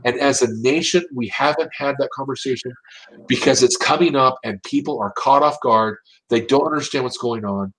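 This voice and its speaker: A man's voice: medium pitch, moderate pace, fairly bright tone, low-quality recording. A man from the United States giving impassioned political commentary, emphatic and urgent, often repeating and restarting his phrases.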